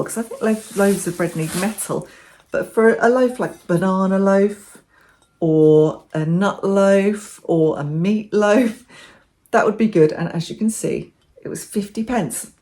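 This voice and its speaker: A woman's voice: medium pitch, a little mellow, slight background noise. Chatty woman showing bargain finds. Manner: chatty and enthusiastic, gushing over finds. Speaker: vlogger. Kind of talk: casual show-and-tell chat.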